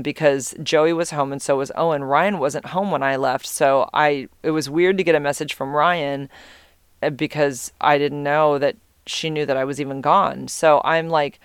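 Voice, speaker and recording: Middle-aged woman, casual storyteller, distracted and profane, smooth tone, dry recording. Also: low-pitched, no room sound. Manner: rambling, easily distracted, swears freely. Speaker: mother telling a personal story.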